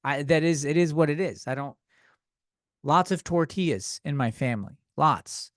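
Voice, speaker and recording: A young man delivers a comedic podcast rant, swearing freely and working himself up as he goes. His voice sits a little high. The sound is dry and close to the mic, with no room around it. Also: moderate pace, dry recording. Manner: ranting, profane, worked-up and loud at times. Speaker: podcast host.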